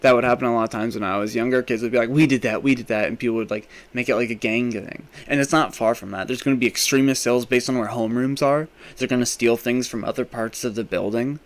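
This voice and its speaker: A young man hosting a podcast, telling a rambling, profane comic story, swinging between loud rants and mumbled asides. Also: mid-range voice, steady tone, fast, hardly any pauses. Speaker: podcast host. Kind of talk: rambling comedic monologue.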